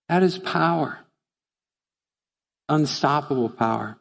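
A middle-aged male pastor preaches in a mid-pitched voice. He shifts between casual storytelling and fervent, rising rhetorical questions. His voice carries the long reverb of a church hall. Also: unhurried, darkish tone. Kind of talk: sermon. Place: church sanctuary.

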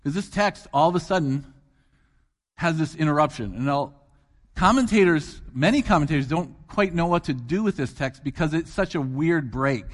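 A man's voice: a little high, expressive, normal speed. Conversational man preaching in a church hall. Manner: conversational, asks the congregation questions, repeats phrases for emphasis. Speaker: guest preacher. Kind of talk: sermon.

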